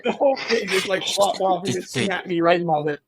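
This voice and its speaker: Animated laughing man telling stories. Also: high-pitched, a little fast, a loud crowd. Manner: animated storyteller, laughing often. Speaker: podcast guest. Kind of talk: casual chat.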